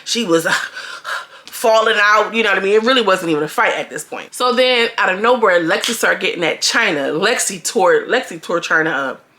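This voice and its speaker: Woman, gossipy vlog commentary, bright tone, swooping animated delivery. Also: mid-range voice, a little fast. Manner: animated, gossipy, laughs often. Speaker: reality TV reviewer. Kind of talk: casual recap commentary.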